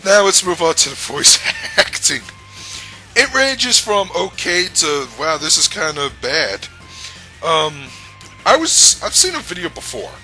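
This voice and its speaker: A man's voice: high-pitched, very animated, unhurried, bright, forceful tone, faint music behind, poor audio. A man giving a casual review rant, rambling, blunt and profane, with frequent restarts. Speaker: anime reviewer.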